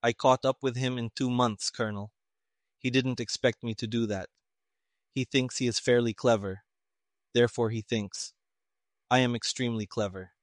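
Man reading a flat toneless young detective, cool, clipped, dry close recording, storybook voice. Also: medium pitch, normal speed, pauses often, no room sound, lightly acted. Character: calm toneless young male civilian detective.

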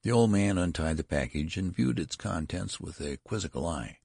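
Casting: deep, husky male storyteller, measured and wry, gravelly, animated delivery. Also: no room sound, studio quality. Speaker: narrator. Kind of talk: storybook reading.

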